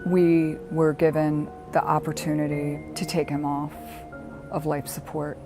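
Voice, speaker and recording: Woman, middle-aged, deep voice, vocal fry, halting reflective testimony, music bed behind. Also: monotone. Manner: halting, reflective storytelling with pauses. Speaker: bereaved mother. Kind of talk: personal documentary testimony. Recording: music playing underneath. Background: soft background music.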